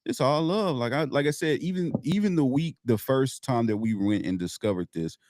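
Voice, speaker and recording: A man co-hosting a live podcast, telling stories in a relaxed, slangy way with lots of repeats. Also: mid-range voice, moderate pace, dry recording, studio quality. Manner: laid-back slangy storytelling, lots of "like" and repeats. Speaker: podcast co-host. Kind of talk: casual live-stream chat.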